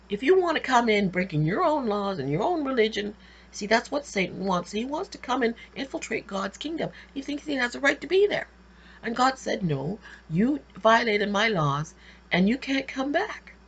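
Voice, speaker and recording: A woman's voice: on the high side, husky. A woman host giving a preachy religious monologue to camera, emphatic and repetitive, often restarting her words. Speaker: video host.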